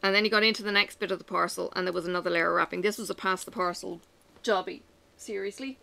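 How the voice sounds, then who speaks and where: A woman chatting to her camera, animated and self-mocking as she tells stories at home. Her voice has a bright, forward tone with a gravelly fry at the ends of phrases. She jumps between asides and punchlines. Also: on the low side, quick pace, no room sound. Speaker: vlogger. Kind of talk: casual chat to camera.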